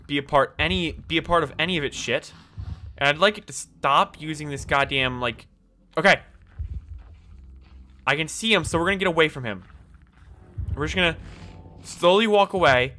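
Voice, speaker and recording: Young male gamer, higher, bright tone; skittish commentary full of swearing and muttering. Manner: jumpy, swears often, nervous muttering. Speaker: gameplay commentator. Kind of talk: casual gameplay commentary.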